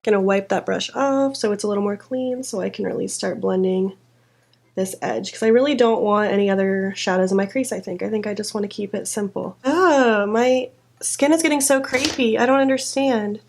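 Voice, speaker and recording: A woman's voice: mid-range voice, moderate pace, gravelly. A young woman chatting through a makeup tutorial, self-critical and easily frustrated. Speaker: beauty vlogger.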